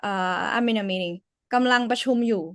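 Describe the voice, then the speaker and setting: A woman's voice: a little high, rapid-fire, no room sound, studio quality. A woman teaching a Thai lesson over a livestream, patiently modelling words and tones for her student to repeat. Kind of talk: livestreamed one-on-one language lesson.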